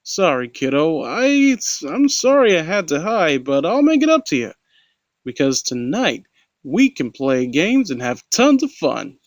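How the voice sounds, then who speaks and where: A man's voice: a little high, big pitch swings, unhurried, no echo, studio quality. A man voicing a playful, magical male clown who calls himself a cosmic entity, talking in a coaxing, sing-song way in an amateur story reading. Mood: soothing. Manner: coaxing, sing-song, hearty pirate voice when playing.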